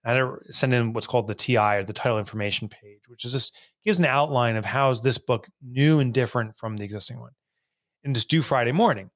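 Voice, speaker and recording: A man hosting a casual podcast chat, telling lively stories and mimicking accents. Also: medium pitch, fast talker, dry recording, clean studio sound. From Northeast United States. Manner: animated storyteller, mimics accents. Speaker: podcast host.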